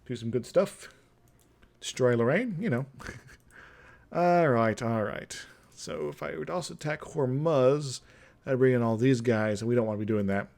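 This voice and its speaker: A young man streaming a strategy game, thinking out loud in casual commentary, chuckling and humming to himself as he plays. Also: medium pitch, measured pace, creaky.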